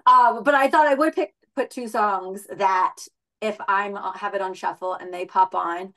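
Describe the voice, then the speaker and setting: Woman guest on a pod, mid-pitched, rambly, lots of "like" and "um". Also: measured pace, a bit bright. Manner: rambling, many fillers, laughs easily. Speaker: podcast guest. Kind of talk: casual chat.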